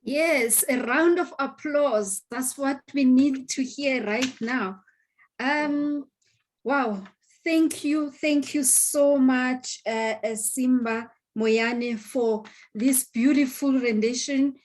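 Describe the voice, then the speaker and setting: A woman acting as program director at a library event, giving slow, effusive praise to the speakers. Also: sits high. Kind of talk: emceeing an event.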